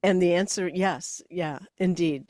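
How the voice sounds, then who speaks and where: A woman with a lowish, slightly mellow voice speaks a little slowly, recorded in studio quality with no echo. Co-hosting a podcast about leadership, she tells coaching stories in a reflective, conversational way, quoting her own dialogue.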